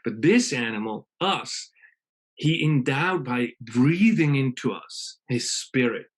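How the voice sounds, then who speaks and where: A man's voice: mid-range voice, lively intonation, slow. A man speaking at a virtual conference, telling a story and acting out its dialogue playfully, often restarting his phrases. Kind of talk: storytelling talk. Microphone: video call.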